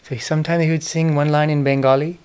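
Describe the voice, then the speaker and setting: A man's voice: fairly high pitch, little pitch movement, fast talker, smooth. A middle-aged man giving a reflective, devotional talk, telling stories in an earnest manner. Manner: earnest, devotional storytelling with soft, whispered quoted names. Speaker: speaker giving a talk on spiritual history. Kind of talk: reflective spoken lecture.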